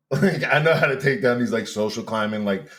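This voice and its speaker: A man with a New York accent, a podcast guest telling a story loudly and campily, laughing often. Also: mid-range voice, brisk. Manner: loud, campy, laughs often. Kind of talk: animated storytelling.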